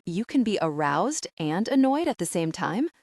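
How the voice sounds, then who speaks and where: A flustered young woman, nervous and quick with a joke, as the narrator voices her. The voice is lowish for a woman yet swings through a wide pitch range, and it sounds close and dry. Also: sing-song, no echo.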